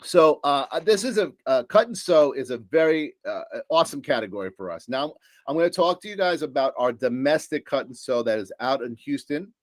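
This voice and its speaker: Upbeat New York salesman, mid-pitched, dry close mic, presenting to buyers with jokes and fillers. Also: expressive, brisk, dry recording. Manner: upbeat, joking salesman's patter with many fillers. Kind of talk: business presentation.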